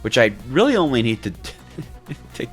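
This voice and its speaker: A man giving let's play commentary as a gaming creator, excitable and thinking aloud while he plays, talking to himself and often breaking into laughter. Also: mid-range voice, unhurried, faint music behind. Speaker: gaming YouTuber.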